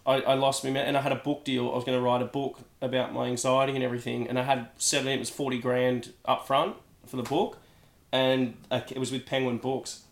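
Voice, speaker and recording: A young Australian man telling his stories in a loose, animated way, swearing freely. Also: mid-range voice, brisk. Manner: swearing, animated, acts out quoted voices. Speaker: guest. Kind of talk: casual storytelling chat. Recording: roomy echo.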